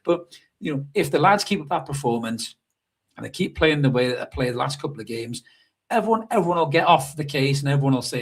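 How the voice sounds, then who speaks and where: A man co-hosting a live fan show from a hotel room, talking football in a sweary, animated way and telling stories. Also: mid-range voice, fast talker. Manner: sweary, animated storytelling with mimicked shouts. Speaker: podcast co-host. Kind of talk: casual live fan chat. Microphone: remote call over hotel Wi-Fi.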